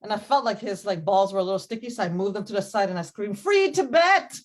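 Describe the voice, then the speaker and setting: A woman's voice: medium pitch, fairly even intonation, fast talker, warm tone. A middle-aged woman doing a stand-up set on a club stage, rambling and breaking off into giggles. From Cambodian family. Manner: rambling, self-interrupting with giggles. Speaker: stand-up comedian. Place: comedy club stage with audience.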